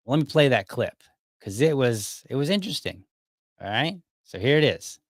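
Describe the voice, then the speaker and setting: Male podcast host in his thirties, conversational monologue, mid pitch, dry close recording. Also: lively intonation, normal speed, no room sound. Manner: chatty, rambling, asides to listeners. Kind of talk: casual commentary monologue.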